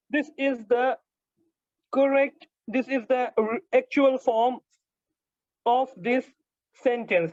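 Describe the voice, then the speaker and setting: A male grammar teacher giving an online lecture, explaining slowly and repeating his points with many hesitations. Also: very high-pitched, fairly even intonation, no room sound. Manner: slow, repetitive explaining with frequent hesitations. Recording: dull lo-fi dry sound.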